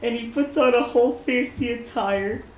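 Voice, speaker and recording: A woman telling her character's scene in a tabletop role-play game, animated and laughing often. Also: fairly high pitch, moderate pace, heavy background noise. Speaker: player narrating her character. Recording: echoey room with faint ambience.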